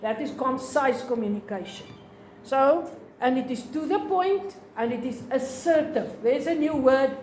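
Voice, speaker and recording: A South African woman teaching a lesson, explaining slowly, repeating points and asking the class questions. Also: a little high, mellow, roomy sound, slight background noise, rough recording.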